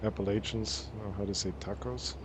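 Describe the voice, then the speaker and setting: A man streaming a game from home, talking in easy, chatty bursts with a middle-pitched voice. Game sounds run clearly under his voice throughout. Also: expressive, heavy background noise. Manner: chatty, quick asides. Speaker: streamer host. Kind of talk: casual gaming chat.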